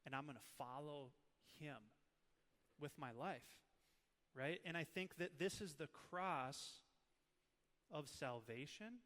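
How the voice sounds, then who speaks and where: A man in his thirties, a preacher from Minnesota, teaching with animated, emotional personal stories. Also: a little high, slow, long pauses, long reverb tail.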